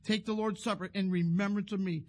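A man's voice: high-pitched, fairly even intonation, a little fast. A male pastor preaching a sermon, telling a story and leading a prayer, with frequent restarts and repeated words.

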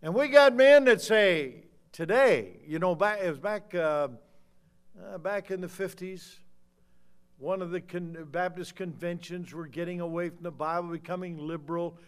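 Fiery older preacher, high voice. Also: male voice, normal speed, smooth. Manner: swings from low muttering to loud shouting. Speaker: pastor. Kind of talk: fiery sermon.

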